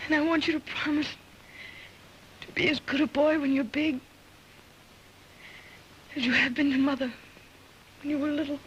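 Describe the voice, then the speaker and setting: An actress playing a gentle, brave young mother near death, speaking softly and haltingly in 1930s film style. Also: sits high, flat delivery, a little hiss or hum, low-quality recording. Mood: soothing. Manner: soft, soothing, halting with emotion.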